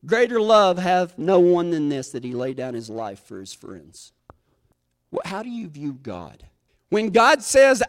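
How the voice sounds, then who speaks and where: A man preaching a sermon as a cowboy preacher, telling a funny rodeo story in a folksy, drawling, self-mocking way. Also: very high-pitched.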